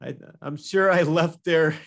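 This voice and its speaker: A man's voice: on the high side, measured pace, gravelly, fairly bright tone. A man hosting a casual interview podcast, giving short, enthusiastic reactions and jokes. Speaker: podcast host.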